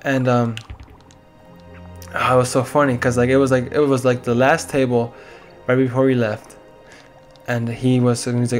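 A man's voice: mid-range voice, little pitch movement, moderate pace, pauses often, soft background music. A tired young man rambling through casual gameplay commentary, with lots of "like" and side stories. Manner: rambling, chatty, frequent "like". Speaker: let's play gamer.

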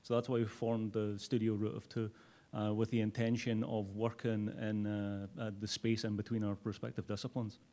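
A man with a Scottish accent, a design professor giving a conference talk, pausing often on "uh". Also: on the low side, flat delivery, dark tone. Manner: frequent "uh" fillers, halting. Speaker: guest speaker, design professor.

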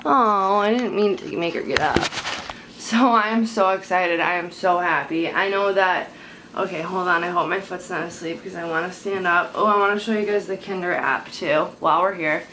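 A young beauty vlogger with a lowish, sharp-toned voice chats to camera about makeup at home, speaking at a moderate pace. She's rambling and blunt, swearing when annoyed, captured on a handheld camera mic in a noisy indoor recording.

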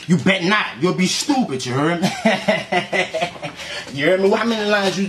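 A man's voice: high-pitched, a little slow, background noise. A rapper, boasting in casual studio banter and asking again and again whether he's been heard. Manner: swaggering, keeps asking "you heard me". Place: small recording studio.

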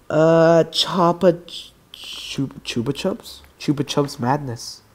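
A man giving excitable gaming commentary, swearing freely and breaking into yelps and screams. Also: a little high, a little slow, few pauses. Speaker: let's play gamer.

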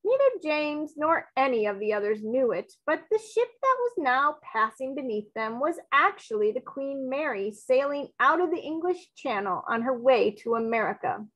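Lively woman reading a storybook aloud. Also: high-pitched, moderate pace, few pauses, poor audio. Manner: expressive read-aloud with acted dialogue.

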